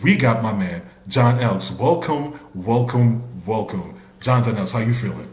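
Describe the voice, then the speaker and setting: A man hosting a church men's ministry live stream, animated and chatty, with many restarts and shout-outs. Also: lowish voice, moderate pace, echoey room. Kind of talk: upbeat casual hosting.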